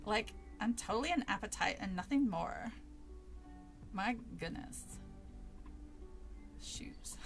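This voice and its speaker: A woman's voice: mid-range voice, expressive, slow pace, gravelly, pauses often, soft background music. A woman streamer reading a spooky book aloud with casual asides to chat, laughing often and swearing freely.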